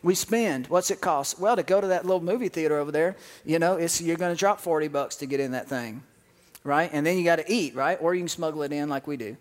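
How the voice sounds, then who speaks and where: A man's voice: on the high side, fast. A man preaching a sermon as pastor, telling joking stories with bursts of laughter.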